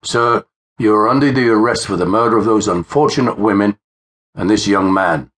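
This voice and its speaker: A man voicing a stern Victorian police constable who speaks in a loud, commanding, formal way, in an audiobook. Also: fairly low pitch, expressive, quick pace, pitched above the performer's own voice. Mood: solemn.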